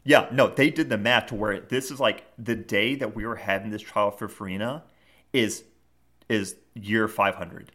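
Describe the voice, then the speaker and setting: Man with a lowish voice, casual co-host. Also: fairly even intonation, moderate pace, fairly bright tone. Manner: rambling retelling full of fillers. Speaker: podcast co-host. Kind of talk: casual chat.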